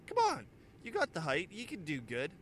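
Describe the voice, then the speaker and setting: A high, animated voice of a pushy, excited guy who won't take no for an answer, as a man puts him on. He coaxes and exclaims, his pitch leaping up and swinging widely. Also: moderate pace, slight background noise. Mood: coaxing. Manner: eager, coaxing, exclamatory. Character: pushy, excited adult man urging a friend to play ball.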